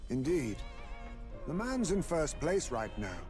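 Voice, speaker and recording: A woman voicing a calm, thoughtful older male ally who speaks in a measured way. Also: sits low, over music, voice pushed down, exaggerated voice.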